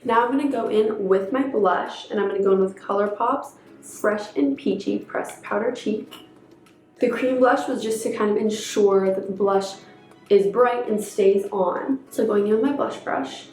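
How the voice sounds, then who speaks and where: A young woman with a hoarse voice from a cold, chatting casually through a makeup tutorial step by step. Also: medium pitch, normal speed, a little mellow. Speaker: beauty vlogger. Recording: echoey room, faint background music.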